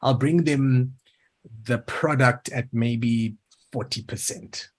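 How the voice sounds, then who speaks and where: A man's voice: mid-range voice, steady tone, takes it slowly. A South African man, a voiceover artist, answering interview questions thoughtfully with frequent ums.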